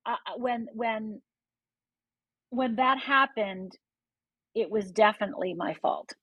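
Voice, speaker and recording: A middle-aged woman with a husky, breathy voice that sits at an ordinary pitch for her. She tells her own story as a podcast guest, earnestly and vividly, and addresses the listener directly. The sound is dry and close. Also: expressive, normal speed, no room sound, low-quality recording. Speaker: life coach guest. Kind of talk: personal storytelling in a podcast interview.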